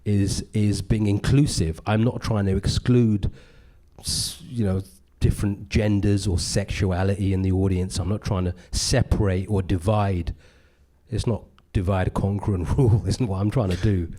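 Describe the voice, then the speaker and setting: A man with a fairly low voice talks casually as a comedian guest in an interview. He is animated and jumps into loud, put-on voices whenever he quotes someone. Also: normal speed. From Britain. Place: live podcast recording in a venue.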